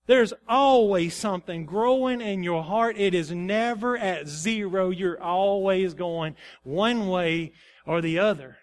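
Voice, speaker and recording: A man's voice: high-pitched, slow pace. A male pastor preaching a sermon, emphatic and personal in turns. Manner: emphatic, then confessional and subdued.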